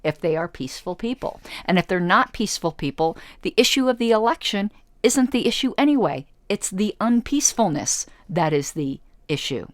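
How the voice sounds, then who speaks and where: A woman's voice: medium pitch, animated, moderate pace, no room sound. A woman from the United States hosting a radio talk show, reading an article aloud and answering it with sarcasm. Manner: sarcastic, argumentative.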